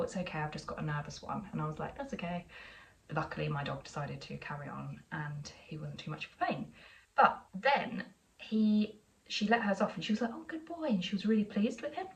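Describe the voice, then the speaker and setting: A low-voiced English woman talking to her viewers in a relaxed, rambling way, full of asides. She sounds a little away from the mic. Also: far from the mic, a little hiss or hum, poor audio. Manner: chatty, rambling storytelling with frequent asides. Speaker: vlogger. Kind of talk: casual vlog chat.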